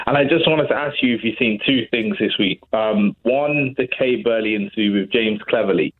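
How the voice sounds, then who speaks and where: A man's voice: on the low side, moderate pace, husky. A man calling a radio show, friendly and eager to talk. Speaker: caller. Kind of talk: phone-in call. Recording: tinny phone line.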